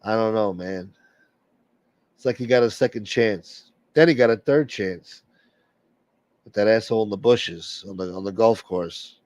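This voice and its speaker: A man's voice: on the low side, measured pace, long pauses, a little mellow, no room sound. A man hosting a late-night livestream and rambling bluntly through strong opinions in casual chat. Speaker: livestream host.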